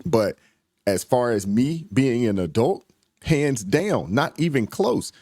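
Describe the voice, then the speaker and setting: A man's voice: mid-range voice, animated, slow, a little mellow, dry recording. A man hosting a reaction channel, giving casual, emphatic commentary with folksy slang.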